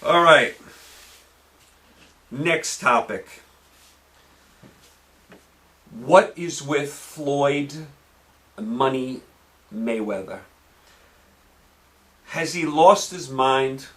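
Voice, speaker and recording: A man's voice: mid-range voice, lively intonation, extremely slow, long pauses, fairly bright tone, distant mic. A man hosting his own sports show, ranting brashly in a monologue, with a combative manner and lines repeated for emphasis.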